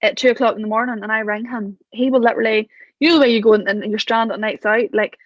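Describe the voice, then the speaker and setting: A woman guest on a podcast, chatting casually and telling animated stories. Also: a little high, fast talker, dry recording, lo-fi sound. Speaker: podcast guest, business owner. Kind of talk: casual chat.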